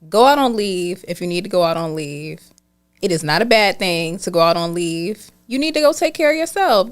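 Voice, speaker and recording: A woman hosts a podcast in a casual, conversational way. She speaks emphatically and affirms what her guest says, and at times she turns to address the camera directly. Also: on the low side. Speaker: podcast host.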